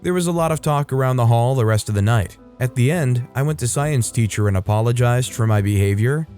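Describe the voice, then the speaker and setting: Male narrator at a mid pitch, reads online stories expressively over faint background music. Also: brisk, darkish tone. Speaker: narrator reading online posts. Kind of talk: scripted story narration.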